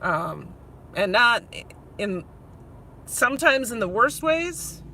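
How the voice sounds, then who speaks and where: A woman's voice: a little high, big pitch swings, slow pace, pushed and bright, slight background noise. A woman with a Minnesota accent chatting casually to viewers on a live stream from inside her car, rambling from one thought to the next. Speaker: vlogger.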